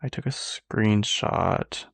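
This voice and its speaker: A man's voice: on the low side, takes it slowly, creaky, fairly bright tone, dry recording. A man hosting a podcast, chatting casually about pop-culture gossip in a rambling way, full of "like.". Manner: chatty, rambling, heavy use of "like". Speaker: podcast host.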